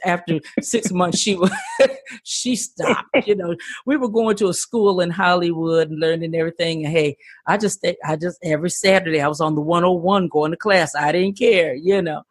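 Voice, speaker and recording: A woman's voice: fairly low pitch, normal speed, dry recording, studio quality. An older woman talking earnestly and with passion as a podcast guest, often repeating words as she starts a thought. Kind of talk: conversational interview.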